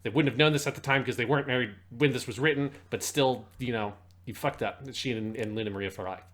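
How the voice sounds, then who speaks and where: A man's voice: medium pitch, quick pace, a bit bright. A man co-hosting a comedy podcast, reading a fan story aloud and breaking off into exasperated, swearing rants. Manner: exasperated, swears freely while ranting. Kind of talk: comedic dramatic reading with commentary.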